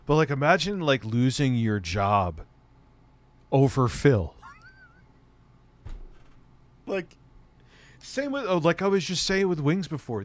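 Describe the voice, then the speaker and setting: A man's voice: a little high, no room sound. A man hosting a commentary show, reacting to clips in a crude, profanity-laden rant. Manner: crude, swearing rant with laughs.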